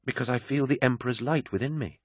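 A man's voice: medium pitch, fast talker, slightly rough, no room sound, studio quality, pitched above the performer's own voice, natural voice. Man voicing a fervent devout woman. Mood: earnest. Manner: earnest, preaching. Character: fervent devout young woman, turns hostile.

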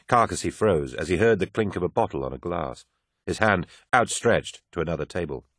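A man reads a novel aloud in a very low voice, measured and even. The recording is dry and close, with no room sound behind it. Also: dry recording. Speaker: audiobook narrator. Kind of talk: scripted audiobook narration.

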